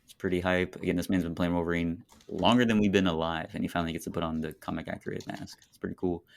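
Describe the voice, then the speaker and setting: A young man co-hosting a casual movie podcast, enthusiastic and quick to laugh. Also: low-pitched, steady tone, gravelly. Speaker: podcast co-host.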